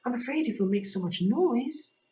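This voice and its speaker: A woman voicing Alice, an earnest, prim young girl, with a high, pleading voice. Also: lively intonation, mellow, a little hiss or hum, close to an everyday voice. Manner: high, pleading, slowed delivery.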